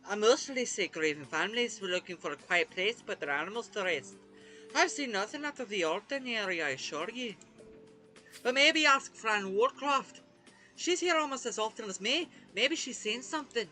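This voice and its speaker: Brief: streamer doing fussy old graveyard keeper, mock Scottish-Irish lilt, sing-song and pitched up. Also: animated, moderate pace, sharp tone, soft background music, low-quality recording. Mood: flustered. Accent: put-on Scottish-Irish lilt. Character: humble old cemetery gatekeeper man.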